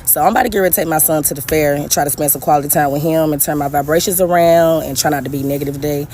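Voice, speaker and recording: A woman's voice: deep voice, racing, slight background noise. Young woman telling her own story, addressing viewers casually. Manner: animated and conversational, often addressing listeners as "y'all", many "like" fillers. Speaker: storyteller sharing a personal story.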